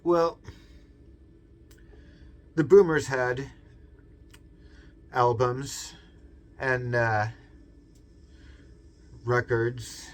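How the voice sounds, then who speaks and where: A man's voice: medium pitch, drawn-out words, long pauses. A man with a Seattle accent hosting a video essay in a rambling, digressive monologue full of fillers, musing aloud. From US West Coast.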